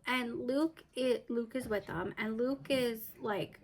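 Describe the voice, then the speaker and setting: A woman's voice: fairly high pitch, slow pace. A woman giving a casual book review, retelling the plot in a chatty way with many fillers and restarts.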